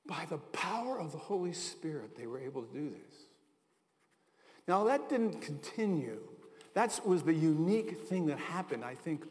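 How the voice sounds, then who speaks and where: High-voiced American pastor in a reverberant hall. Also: male voice, sing-song, moderate pace, a little mellow. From United States. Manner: conversational storytelling with asides and chuckles. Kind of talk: sermon. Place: large hall.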